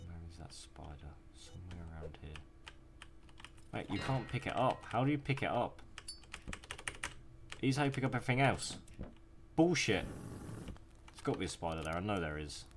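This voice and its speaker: A man's voice: sits low, lively intonation, moderate pace, pauses often, noisy background. A young man giving casual, profane gameplay commentary and taunting the enemies he hunts. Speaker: gaming YouTuber. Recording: music playing behind the voice.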